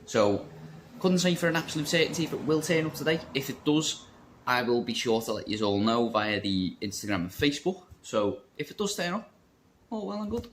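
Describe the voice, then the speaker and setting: A man's voice: medium pitch, big pitch swings, fairly quick, slight background noise. A man chatting casually in a vape shop vlog, rambling and joking about himself. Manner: rambling, jokey, self-mocking. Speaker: vape shop worker and vlogger.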